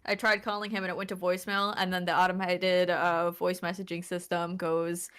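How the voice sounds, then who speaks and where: A woman's voice: lowish voice, flat delivery, a little fast, a bit bright, clean tone. Chatty woman guest on a stream. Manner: chatty and candid, laughs often. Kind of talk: casual live-stream chat.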